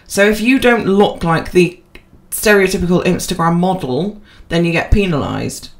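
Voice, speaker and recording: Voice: mid-range voice, animated, moderate pace. A podcast co-host chatting casually and rambling, with lots of fillers and restarts, self-deprecating. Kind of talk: casual chat.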